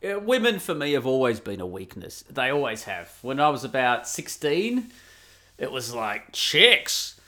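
A man's voice: medium pitch, very animated, normal speed, few pauses, fairly bright tone. A middle-aged Australian man hosting a podcast, talking candidly in a rambling, casual way with restarts and swearing. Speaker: podcast host. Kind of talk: casual solo podcast monologue.

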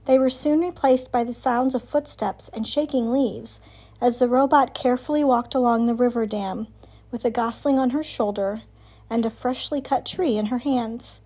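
A woman with a high, light voice reads a children's novel aloud. Her narration is clear and steady, with an even storytelling rhythm. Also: normal speed.

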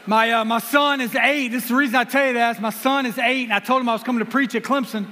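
A man's voice: extremely high pitch, steady tone, quick pace, sharp tone. A man, preaching as a guest with self-deprecating humor and earnest personal stories. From South Carolina. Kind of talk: sermon with personal storytelling. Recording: long reverb of a hall.

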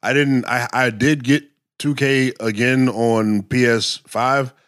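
Profane, animated man in casual chat. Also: mid-range voice, slow pace. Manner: loose, profane, animated storytelling; sprinkles "you know what I'm saying" and "yo".

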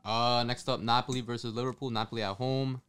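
A man's voice: medium pitch, fairly even intonation, fast talker, fairly bright tone, smooth, dry recording. A man hosting a casual football prediction podcast, reading out the fixtures and giving his picks. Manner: runs the segment, reads out fixtures. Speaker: podcast host. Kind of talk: casual sports prediction chat.

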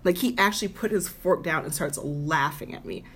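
A lowish-voiced woman tells a dating story on a podcast, acting out the people in it with lively swings of voice. Her voice has a slightly low pitch, and steady background noise runs under the recording. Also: normal speed. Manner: animated, mimics voices in her stories. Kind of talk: casual storytelling chat.

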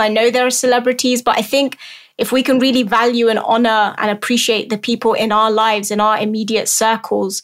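A woman's voice: on the high side, a bit bright. Earnest, effusive woman guest. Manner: earnest, effusive, repeats words. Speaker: podcast guest, educator. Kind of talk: heartfelt conversation.

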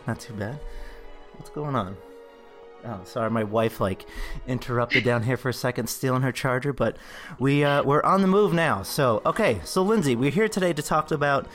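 A man's voice: medium pitch, a bit bright. A man hosting a podcast, a bit nasal from a cold, chatting upbeat and casual. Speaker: podcast host. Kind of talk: casual interview chat.

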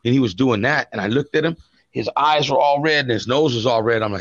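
A man's voice: mid-range voice, fast talker, no echo, lo-fi sound. A man co-hosting a podcast, telling stories in casual chat and swearing often. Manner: storytelling, profane, says "bro" often. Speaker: podcast co-host.

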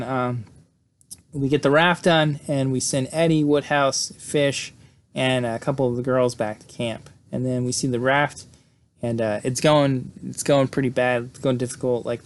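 Host type, male, mid-pitched, chatty and crude, lots of uhs and likes. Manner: loose and profane, many fillers. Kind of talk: casual movie recap.

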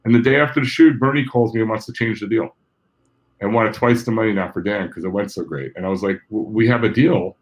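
A man's voice: lowish voice, fast talker, highs cut off. A middle-aged man from New Jersey, a guest telling stories in a casual way. He talks with animation, swears freely and acts out the people in his stories. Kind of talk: casual anecdotal storytelling.

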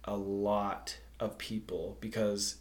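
A man's voice: on the low side, little pitch movement, takes it slowly. Candid male podcaster in a roomy space. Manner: open, searching, restarts often, laughs while talking. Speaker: podcast co-host. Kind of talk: casual chat.

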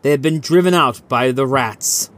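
A man reading a suspenseful short story aloud, narrating in a measured, vivid way. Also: medium pitch, fairly bright tone. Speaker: audiobook reader.

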